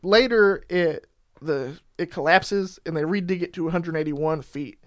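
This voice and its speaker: A man's voice: fairly high pitch, a little slow. A man co-hosting a casual podcast chat, joking and laughing often. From New Jersey. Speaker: podcast host.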